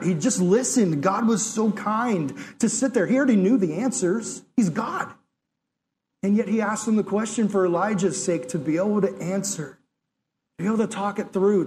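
A man giving a sermon in an earnest, conversational way, talking straight to his listeners and acting out lines of dialogue. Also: high-pitched. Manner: acts out God's and Elijah's words in lively asides. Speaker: preacher.

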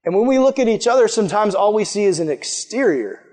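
A man's voice: sits high, animated, fast, a little mellow. A man preaching a casual sermon to young people, enthusiastic and chatty, often saying "like" and "man". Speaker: youth pastor.

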